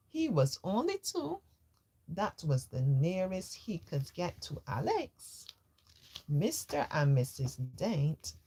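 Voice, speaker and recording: A woman's voice: deep voice, darkish tone. A woman reading a children's storybook aloud, voicing the characters and adding chatty comments of her own.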